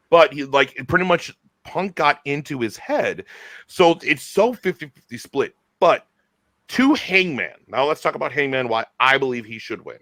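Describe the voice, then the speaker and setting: Man host, casual chat, enthusiastic, bright tone, dry close sound. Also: a little high, no echo. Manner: animated, enthusiastic, quick restarts. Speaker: podcast host.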